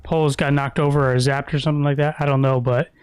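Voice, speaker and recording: A man's voice: medium pitch, level tone, fast talker, smooth, no echo. A man giving casual, crude and profane commentary while streaming a video game. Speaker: gaming streamer.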